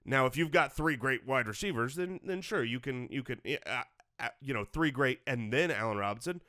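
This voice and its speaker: A man co-hosting a sports podcast, giving earnest advice with stammered restarts. His voice sits at a middle pitch and is recorded close and dry. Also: expressive, moderate pace, sharp tone, dry recording. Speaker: podcast co-host. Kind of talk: casual sports chat.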